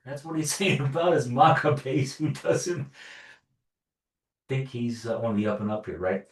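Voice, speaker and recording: A man's voice: medium pitch, a little slow. A man giving sarcastic, loose political commentary with many fillers and restarts, recorded from a distance in an echoey room. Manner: sarcastic, wry asides. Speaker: online news commentator. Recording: roomy echo, distant from mic.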